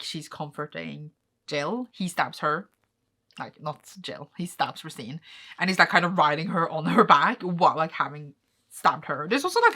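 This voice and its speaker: A young woman with a deep, pushed, bright voice casually recaps manga chapters from home for her reading vlog. She rambles along, using lots of fillers.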